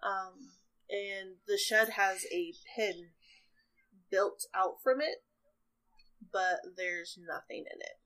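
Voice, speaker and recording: A woman's voice: mid-range voice, fairly even intonation, slow, pauses often, a bit bright, low-quality recording. A woman narrating a tabletop role-playing game as game master, chatty and rambling, often laughing.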